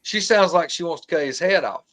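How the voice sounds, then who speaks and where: A man, telling a long encounter story in casual talk, colloquial and animated, mimicking the sounds he heard. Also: fairly high pitch, a little fast.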